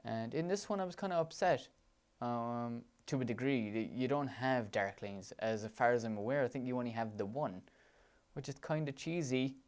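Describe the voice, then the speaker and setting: Enthusiastic Irish man with a smooth voice. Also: medium pitch, normal speed, darkish tone. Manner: enthusiastic, gushing with praise. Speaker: let's play commentator. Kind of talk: gameplay commentary over footage.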